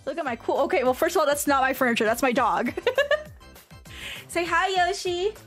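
A woman's voice: high voice, animated, moderate pace, fairly bright tone, faint music behind. A woman streaming a game, chatting casually, giggling often and cooing in baby talk at her dog. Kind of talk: casual gameplay commentary.

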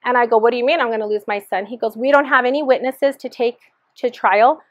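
Woman guest giving her testimony, higher voice, earnest, acts out quotes; dull, dry recording. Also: steady tone, fast talker, no room sound. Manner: earnest, re-enacts dialogue in quotes. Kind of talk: personal testimony storytelling.

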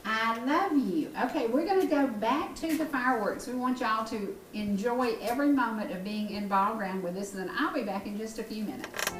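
A woman's voice: on the high side, brisk, hardly any pauses. A middle-aged woman hosting a talk show, chatting in sing-song baby talk and coaxing a little one to speak. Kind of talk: casual chat with a baby on air. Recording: echoey, distant mic with background noise.

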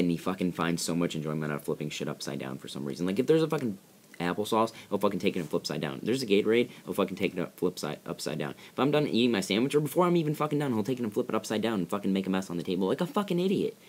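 Teen guy w a low voice cussing nonstop, ranting about his week, lots of ums. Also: very animated, very fast. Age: teens. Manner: profane, irritated ranting; rambling with many fillers. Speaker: gaming channel host. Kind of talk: ranting gameplay commentary. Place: bedroom.

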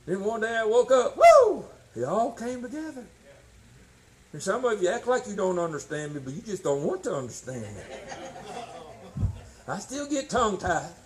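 A man preaching a sermon, folksy and emphatic, swinging from shouts to low tones. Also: lively intonation, moderate pace, long pauses, rough recording. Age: 60s.

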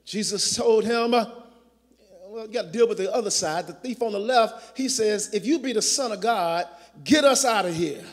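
A man preaching a sermon in call-and-response style, building to shouts. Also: sits high, normal speed. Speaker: pastor. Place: large church sanctuary. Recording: long church reverb.

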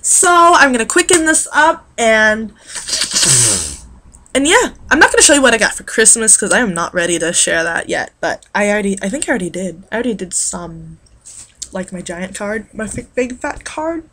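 Bright-voiced rambling beauty vlogger woman. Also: a little high, lively intonation, moderate pace, a little hiss or hum. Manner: rambling, chatty, lots of fillers. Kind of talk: casual chat.

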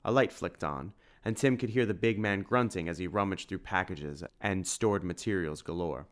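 Man narrating an audiobook in a low voice. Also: normal speed.

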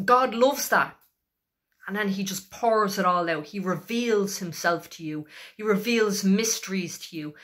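A woman's voice: mid-range voice, fairly bright tone. A woman preaching an exhorting sermon, emphatic and repetitive as she urges listeners on.

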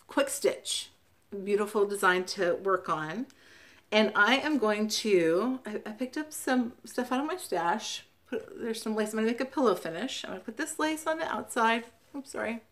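A woman's voice: on the high side, animated, normal speed, a bit bright. A woman from the West Coast of the United States, chatting casually in a show-and-tell vlog, spelling out names letter by letter with frequent ums. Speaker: Flosstube vlogger.

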